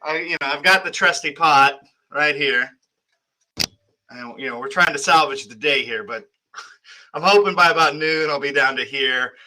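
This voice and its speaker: A sleepy man in his thirties teaches a history class over a computer mic, chatty and full of fillers and restarts. His voice is very bright and sharp, and sits a little high for a man. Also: normal speed, pauses often, rough recording. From United States. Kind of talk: online class lecture.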